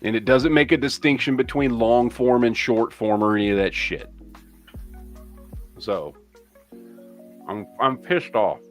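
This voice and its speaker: A man's voice: medium pitch, a little slow, pauses often, faint music behind. A man hosting a casual live-stream podcast, ranting and swearing in an exasperated way while he reads viewer comments. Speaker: podcast host.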